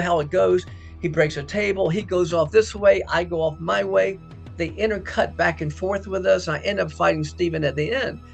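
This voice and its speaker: A middle-aged man, an actor, telling lively behind-the-scenes stories and acting out quotes. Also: creaky. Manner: acts out quoted dialogue with big pitch jumps. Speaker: actor interviewed about a past film. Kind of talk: animated anecdotal storytelling.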